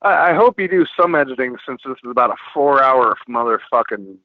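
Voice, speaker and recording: A man chatting casually on a podcast as a film distributor guest, rambling and swearing a lot as he tells animated stories. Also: mid-range voice, brisk, no room sound. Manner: profane, rambling, animated storytelling. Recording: muffled lo-fi podcast audio.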